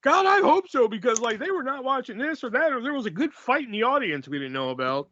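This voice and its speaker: A man's voice: extremely high pitch, very animated, fast talker, pushed and bright, highs cut off. A man co-hosting a podcast in casual chat, sarcastic and profane, often laughing. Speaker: podcast co-host.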